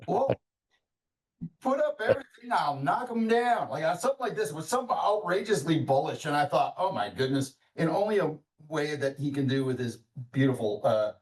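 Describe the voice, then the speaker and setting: Rambling man in a roomy room. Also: mid-range voice. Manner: rambling, halting, full of restarts. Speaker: webinar host. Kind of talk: casual webinar chat. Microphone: video call. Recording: roomy, distant mic.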